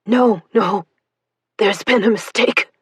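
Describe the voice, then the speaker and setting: A woman voicing a devoted, protective husband speaking in a hushed, urgent way. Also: mid-range voice, takes it slowly, breathy edge, no echo, studio quality, heavily acted. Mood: pleading.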